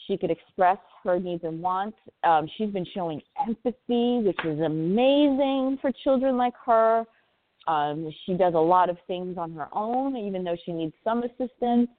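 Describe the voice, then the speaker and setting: An earnest, impassioned mother in her forties, a radio interview guest, tells her story at a moderate pace in an animated, medium-pitched voice, frequently repeating words for emphasis. The sound comes over a dry, tinny phone line.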